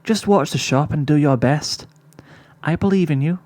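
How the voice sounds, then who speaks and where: A man's voice: a little high, normal speed, a little mellow, no echo, voice pushed up, natural voice. A man doing a posh dramatic pony lady. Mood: prim. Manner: refined, dramatic, says "darling". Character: prim, theatrical adult unicorn mare, fashion designer.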